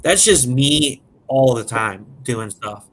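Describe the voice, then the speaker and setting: A man telling a prank story in animated, casual, profane chat as a podcast guest. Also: mid-range voice, slow pace. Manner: animated, profane, laughs at his own story.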